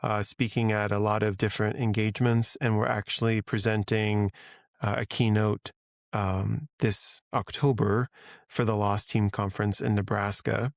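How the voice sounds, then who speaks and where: A man's voice: fairly low pitch, level tone, normal speed, gravelly, no room sound, studio quality. A middle-aged man speaking as a guest in a casual podcast interview, earnest and chatty, laughing easily.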